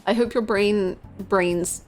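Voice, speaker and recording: A woman's voice: medium pitch, steady tone, takes it slowly, a little mellow. A woman streamer chatting casually and rambling, giggling as she gushes over a game character. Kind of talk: casual live-stream chat.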